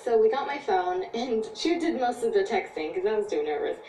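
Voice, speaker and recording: A woman's voice: mid-range voice, animated, a little fast, warm tone. A teenage girl narrating a personal story about school in an earnest, confiding way. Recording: echoey, distant, slight noise.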